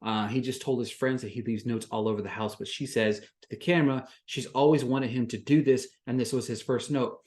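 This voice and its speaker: A man hosting a podcast, recapping a reality show in casual commentary, swinging from flat summary to loud exasperated rants. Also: medium pitch, a little fast, few pauses. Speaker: podcast host.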